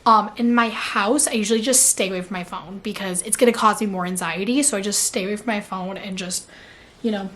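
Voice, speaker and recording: A woman's voice: mid-range voice, steady tone, fairly quick, a bit bright. A young adult woman vlogging in casual chat, filling her talk with "like" and laughing at herself. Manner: chatty, filler-heavy with frequent "like"; laughs at herself mid-sentence. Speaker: vlogger answering viewer questions.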